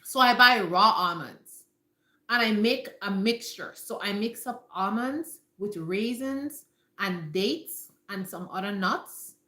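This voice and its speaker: A woman's voice: mid-range voice, lively intonation, slow, bright, forceful tone. A woman hosting a casual live-stream health talk from home, speaking emphatically and repeating her points as she addresses viewers directly. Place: home room. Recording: echoey room.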